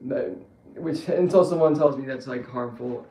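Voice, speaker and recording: A man's voice: medium pitch, moderate pace, mellow. A man giving a rambling, profane political monologue who keeps correcting himself. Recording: echoey room with faint ambience.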